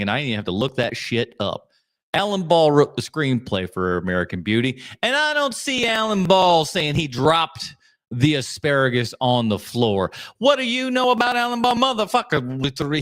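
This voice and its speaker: A man's voice: a little high, fairly bright tone. A man hosting a podcast, riffing sarcastically and swearing as he reacts live to video clips. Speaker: podcast host.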